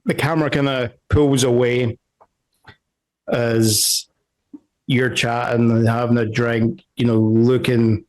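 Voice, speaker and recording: A man's voice: mid-range voice, flat delivery, slow pace, darkish tone, rough recording. A man running a tabletop game as game master, narrating scenes in a rambling way and correcting himself often.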